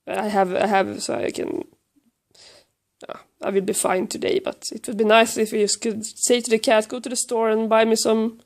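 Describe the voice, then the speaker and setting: A hoarse woman with a Swedish accent, lying on her couch at home with a cold, chatting casually to the camera and baby-talking to her cat in a rambling, self-mocking way. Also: a little high, flat delivery, normal speed. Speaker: vlogger filming her cat.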